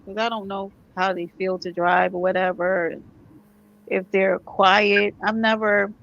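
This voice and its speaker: Woman from New York, casual vlog chat, animated asides, mid pitch, slightly muffled recording. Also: gravelly. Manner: chatty, animated, quick asides and laughs. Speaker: vlogger.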